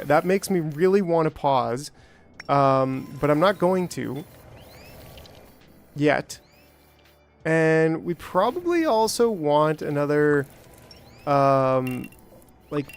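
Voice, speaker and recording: A man giving casual, rambling let's-play commentary, talking to himself and joking, with bursts of excitement. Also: fairly high pitch. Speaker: gameplay streamer.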